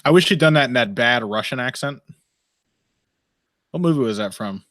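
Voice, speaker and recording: A man's voice: mid-range voice, lively intonation, normal speed, a bit bright, no echo. A man hosting a casual live fight commentary stream, rambling and wry, swearing freely and laughing often. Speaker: podcast host. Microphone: headphones and desk mic.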